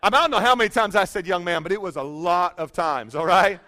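A man's voice: high-pitched, fast talker, pushed and bright. A middle-aged male pastor telling a humorous, self-deprecating story in a sermon, chatty and full of fillers.

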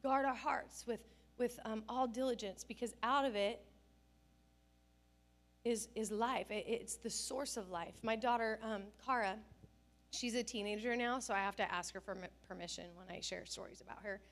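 A woman's voice: a little high, moderate pace. A middle-aged woman pastor giving a sermon, telling stories animatedly and acting out the quotes. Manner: animated storytelling with acted-out quotes.

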